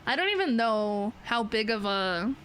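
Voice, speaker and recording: A young Canadian woman with a Canadian accent chatting on a livestream from her bedroom setup. Her voice sits a touch high and sounds bright and forceful. She rambles in a playful, unhurried way and breaks into laughs often. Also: big pitch swings, a little hiss or hum. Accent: Canadian English. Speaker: VTuber streamer. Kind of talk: casual livestream chat. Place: home streaming setup in a bedroom.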